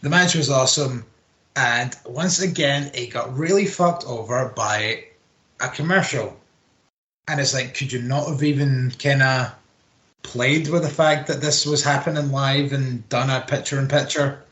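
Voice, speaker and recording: A young man co-hosting a podcast chats casually about wrestling, rambling, swearing and letting out quick laughs. His voice is medium-pitched and fairly bright, recorded in a roomy home setting.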